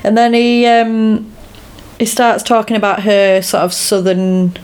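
A woman's voice: mid-range voice, level tone, measured pace, darkish tone, clear, resonant tone. Chatty woman recapping a film. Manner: chatty, laughs often, quotes film lines in character. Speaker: podcast co-host. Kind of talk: casual chat recapping a film.

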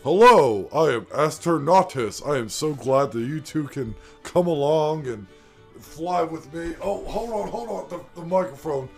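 A man's voice: on the high side, animated, a little slow, gravelly, a little mellow, faint music behind, voice pushed up. A man putting on the voice of a friendly adult male astronaut guest in a comedy sketch. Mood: eager.

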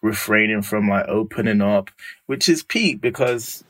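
A young man chatting casually on a podcast, full of slang and quick to laugh. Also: on the low side. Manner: slangy, laughs often, animated. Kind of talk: casual chat.

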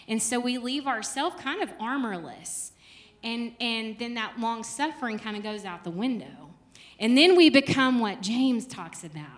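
This is a young woman teaching a Bible study in a relaxed, conversational way. Her voice sits high and sounds bright and clear. She talks to the group like friends, lively and chatty, with frequent laughing asides.

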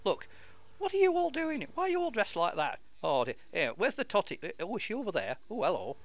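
A man's voice: sits high, wildly swooping pitch, fairly quick, heavily acted. A man playing a leering old time-traveler. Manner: bawdy, blustering. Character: lecherous old male time-traveling entertainer. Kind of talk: improv comedy.

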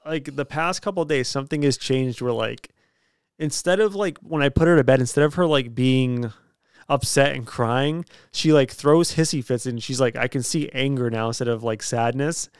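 A young man hosting a podcast, his voice smooth and resonant, close to a dry mic with no room sound. He chats casually, rambling through stories and laughing often as he jokes with his co-hosts. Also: medium pitch, normal speed, no room sound. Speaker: podcast host. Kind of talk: casual chat.

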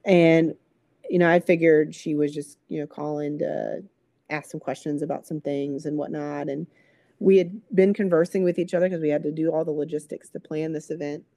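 Animated woman telling a story, warm low voice. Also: normal speed, gravelly, no room sound. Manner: animated, acts out quoted voices, many "like" fillers. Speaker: guest, recreational therapist. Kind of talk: emotional storytelling in an interview.

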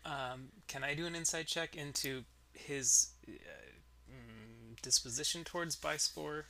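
A man's voice: a little high, a little slow, pushed and bright. Hesitant man playing a tabletop game. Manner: hesitant, lots of fillers and restarts. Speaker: player. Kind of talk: casual tabletop game play.

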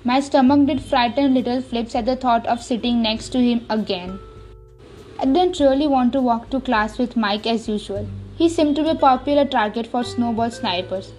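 A woman with a fairly high voice reads a first-person novel aloud in a steady, lightly expressive way. Faint music plays underneath the narration. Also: moderate pace. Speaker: audiobook narrator.

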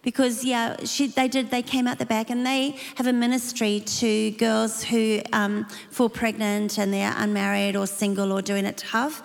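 Gravelly woman in a reverberant hall. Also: fairly high pitch, little pitch movement, normal speed, few pauses. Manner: chiming in, adding to the story. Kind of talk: casual chat.

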